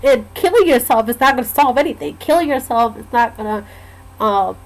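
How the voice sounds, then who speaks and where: A woman telling a personal story in a casual, halting way, with many pauses and fillers. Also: fairly high pitch, expressive, poor audio. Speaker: vlogger sharing a personal story. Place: lives in Georgia, USA.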